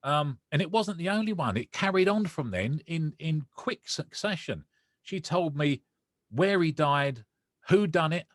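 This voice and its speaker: Brief Romford man, lively storyteller who voices the others, dry close sound. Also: fairly high pitch, measured pace, dry recording. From Romford, England. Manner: animated, acts out dialogue. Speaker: guest. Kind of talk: personal storytelling.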